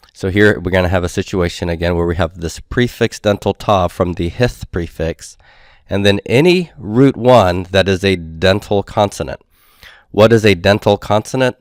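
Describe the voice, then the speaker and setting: A man teaching Hebrew grammar in a recorded lecture, explaining patiently step by step, sounding out words slowly and repeating them, and often checking in with "okay". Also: low-pitched, no room sound, clean studio sound. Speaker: Biblical Hebrew instructor.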